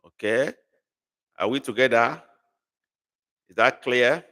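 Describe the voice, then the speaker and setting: Patient man teaching slowly. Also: mid-range voice, fairly bright tone. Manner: patient, repeats phrases and asks learners to guess. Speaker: language tutor. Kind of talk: live online class. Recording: long reverb.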